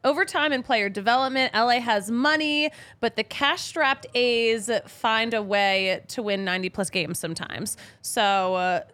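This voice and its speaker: Bright, upbeat woman podcast host. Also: on the high side, no room sound. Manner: upbeat, quick to laugh and react. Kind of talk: live podcast interview. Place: podcast studio.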